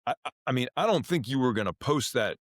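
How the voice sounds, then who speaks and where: A man hosting a podcast interview, talking in an energetic, enthusiastic way with quick repeated words. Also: mid-range voice, dry recording, clean studio sound. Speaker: podcast host. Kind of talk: casual interview.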